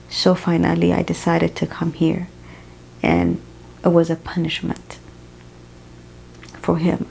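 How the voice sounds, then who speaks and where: Young non-native woman, vlogger, low gravelly voice, tearful and halting. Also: warm tone, slight background noise, low-quality recording. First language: not English. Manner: emotional, tearful, halting, with sighs. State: crying at times. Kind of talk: personal chat vlog.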